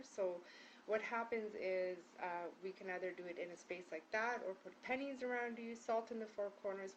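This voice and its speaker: Woman spiritual healer, mid-pitched, casual and rambling, lots of fillers; indoor room, faint noise behind. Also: low-quality recording. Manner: loose and rambling, with many fillers and restarts. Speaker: spiritual healer leading a group prayer session. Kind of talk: casual spoken instruction. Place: indoor room hung with prayer ties.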